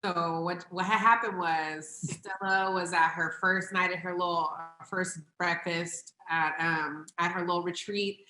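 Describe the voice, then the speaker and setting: A woman's voice: lowish voice, sharp tone. Gushing woman comedian in an echoey room. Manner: gushing, playful slang, lots of "like". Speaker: comedian guest. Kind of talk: animated casual chat.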